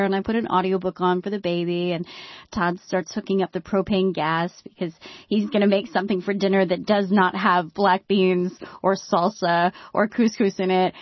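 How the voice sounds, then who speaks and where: A woman telling a first-person story, building suspense and dropping to hushed tones. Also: medium pitch, no room sound, lo-fi sound.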